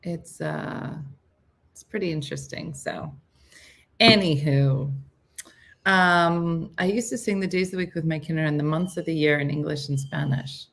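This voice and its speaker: A middle-aged woman with a somewhat low voice hosts a relaxed morning live stream. She chats in a loose, rambling way and answers her viewers' comments as she goes. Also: moderate pace, creaky. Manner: chatty and rambling, reads viewer comments aloud. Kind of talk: casual chat with viewers.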